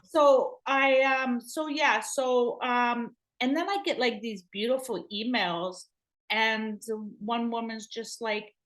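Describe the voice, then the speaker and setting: A middle-aged woman medium telling stories in a casual, animated way, acting out what people said. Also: on the high side, takes it slowly. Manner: animated, acts out dialogue in quotes. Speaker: spiritual medium. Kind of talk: conversational storytelling.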